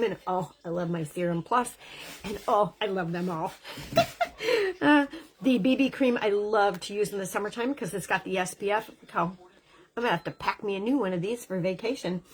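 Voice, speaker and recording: A woman in her fifties chatting through a makeup tutorial at home, gushing over products with quick asides, on the camera mic. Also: mid-range voice, slight background noise. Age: 50s. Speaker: makeup vlogger. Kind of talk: casual makeup tutorial chat. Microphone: camera mic, lapel not worn.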